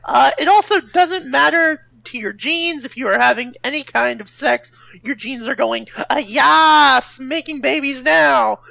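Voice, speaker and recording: A woman's voice: high voice, moderate pace, creaky, pushed and bright, low-quality recording. A woman co-hosting a podcast, explaining things in casual chat with flippant jokes and laughter. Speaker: podcast co-host.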